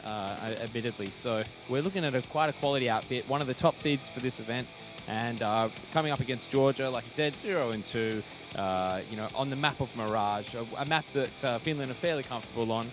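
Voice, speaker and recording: A man's voice: mid-range voice, fairly quick. A man doing blunt, joking live esports commentary and analysis. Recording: faint music behind.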